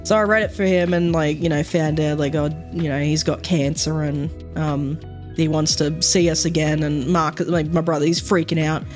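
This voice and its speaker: A woman's voice: low-pitched, fairly even intonation, normal speed, darkish tone, soft background music. Foul-mouthed woman rambling on stream. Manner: rambling, swears a lot, many fillers. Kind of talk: casual stream chat.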